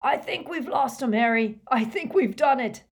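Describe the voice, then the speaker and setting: A woman reading an audiobook, voicing a huge, loyal half-giant man in bellowing, drawn-out shouts, pitched well above her own voice. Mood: shouting.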